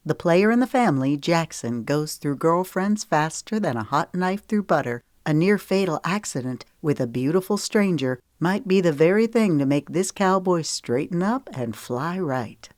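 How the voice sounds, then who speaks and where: A woman narrates an audiobook with an even, measured storytelling style, her voice sitting low. The recording is dry, with clean studio sound.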